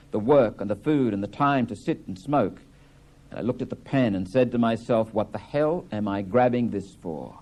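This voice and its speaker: A man reading aloud as an angry grown son confronting his father, raised and forceful. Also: medium pitch, dull audio, close to an everyday voice.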